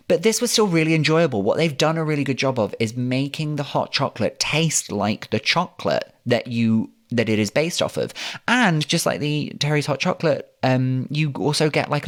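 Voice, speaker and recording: A man's voice: medium pitch, a bit bright. A man hosting a chatty comedy podcast. He rattles through jokey, self-mocking asides. His voice leaps up and down all the time. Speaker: podcast host. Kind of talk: comic podcast monologue.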